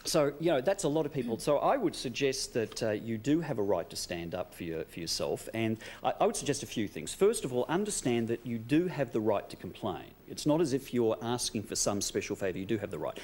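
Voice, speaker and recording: A man, a psychologist guest giving calm, explanatory advice on a TV talk show. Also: mid-range voice, fairly quick, few pauses. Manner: calm, explanatory, laughs easily.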